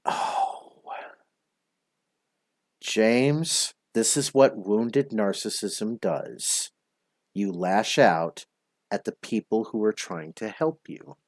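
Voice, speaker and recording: Male stream host who lectures slowly and mocks; dry, close recording. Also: lowish voice, animated, no room sound. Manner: slow, lecturing, mocking. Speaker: show host. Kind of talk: live stream commentary.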